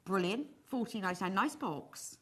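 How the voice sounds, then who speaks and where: Lively chatty woman hosting a shopping show. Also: mid-range voice, normal speed, noisy background. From Bath, England. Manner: bubbly, chatty, laughs often. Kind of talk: live shopping chat.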